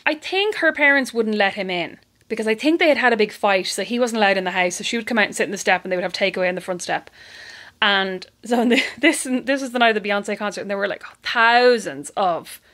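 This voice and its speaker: An Irish woman co-hosting a podcast, telling neighbour stories in a lively chatty way and acting out the voices of people she quotes. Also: medium pitch, fast. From Ireland. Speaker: podcast co-host. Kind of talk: casual storytelling chat.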